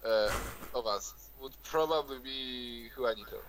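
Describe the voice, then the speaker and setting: A man's voice: mid-range voice, measured pace, noisy background. A man co-commentating a live strategy game, trading teasing jokes with the other hosts. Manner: joking, teasing banter.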